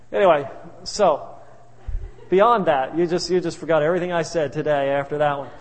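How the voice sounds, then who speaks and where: Man preaching in an echoey hall. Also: on the high side. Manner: humorous, anecdotal, chuckling asides. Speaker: pastor. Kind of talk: sermon storytelling. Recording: reverberant hall.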